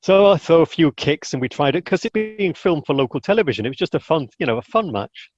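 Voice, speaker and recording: A man with a slightly high voice talks fast as an interview guest, casually telling stories. He animatedly acts out the people he quotes and often restarts sentences, all on a dull, lo-fi, dry recording.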